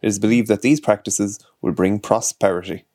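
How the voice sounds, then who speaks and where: A man's voice: on the low side, fairly even intonation, brisk, a little mellow. A man co-hosting a podcast, reading out fun facts and joking along in casual chat. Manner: reads facts then jokes along. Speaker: podcast co-host.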